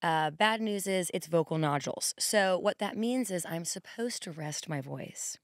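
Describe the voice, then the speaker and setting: A hoarse woman in her forties hosting a podcast, chatting casually and rambling with quick asides. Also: on the low side, expressive, no room sound, clean studio sound. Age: 40s. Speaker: podcast host. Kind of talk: casual monologue.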